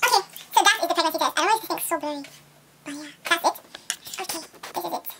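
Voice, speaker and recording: A woman's voice: very high-pitched, very fast, bright, forceful tone. A woman giving a rambling step-by-step vlog commentary. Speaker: vlogger. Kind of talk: casual tutorial-style vlog. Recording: echoey room with faint noise.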